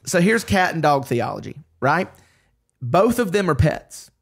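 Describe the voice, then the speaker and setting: A man, a pastor, talking through faith in a casual podcast chat, earnest and animated, often restarting his sentences. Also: fairly high pitch, a little slow, husky.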